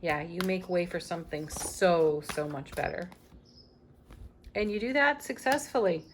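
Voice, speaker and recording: A woman's voice: on the low side, a little slow, a little hiss or hum. A woman giving a daily tarot reading, speaking emphatically with spiritual encouragement and small laughs. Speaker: tarot reader.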